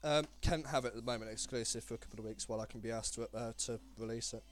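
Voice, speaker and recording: A man's voice: medium pitch, racing, faint music behind. A young man from the West Midlands hosting a casual live stream, rambling with many ums and restarts. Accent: West Midlands English. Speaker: stream host.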